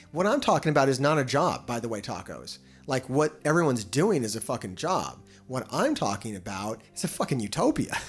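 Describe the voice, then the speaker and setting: A man's voice: mid-range voice, husky. Profane, rambling male streamer. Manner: profane, rambling, laughs often. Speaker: livestream host. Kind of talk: casual live-stream chat.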